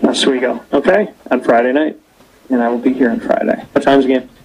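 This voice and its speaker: A young man hosting a casual interview show, telling stories with animated quoting. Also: mid-range voice, brisk, breathy edge, rough recording. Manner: lively storyteller, animated quoting. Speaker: show host. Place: cold rink-side spot, outdoors or arena.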